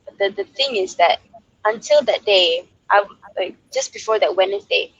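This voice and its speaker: A woman's voice: mid-range voice, normal speed, breathy edge, no echo, muffled recording. A young woman from Malaysia, a singer-songwriter, telling a story in a casual interview and acting out quoted voices. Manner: lively, acts out quoted voices, laughs often.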